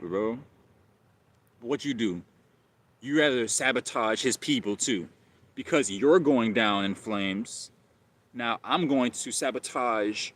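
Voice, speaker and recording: A man's voice: mid-range voice, lively intonation, unhurried. A man hosting a live stream, talking casually and rambling, often repeating himself and calling listeners bro.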